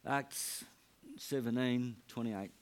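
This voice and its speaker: A man preaching a sermon, telling a story in an earnest, soft-spoken way. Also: mid-range voice, slow pace. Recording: music playing behind.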